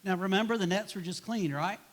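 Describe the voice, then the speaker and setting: Brisk and high-voiced, a male pastor delivers a sermon in a church. His tone is casual and chatty, and he imitates grumbling, sighing responses to illustrate what he means.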